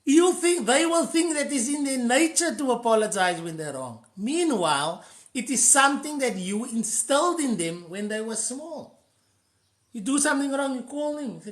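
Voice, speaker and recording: A man's voice: extremely high pitch, expressive, normal speed, roomy sound. A man with a South African accent hosting a live stream, giving earnest, casual advice and slipping into Afrikaans phrases.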